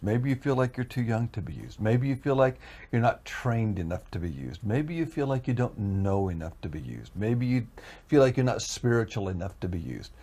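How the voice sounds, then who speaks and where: A man's voice: on the low side, mellow, slightly rough. A man telling a personal story as a guest, in an earnest, building way. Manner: earnest, building to emotional intensity. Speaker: minister telling a testimony.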